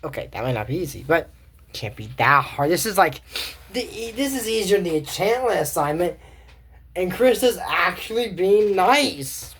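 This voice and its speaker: A woman's voice: on the low side, sing-song, normal speed, slightly rough. A woman giving a casual, rambling recap of a cartoon episode, with sarcastic asides.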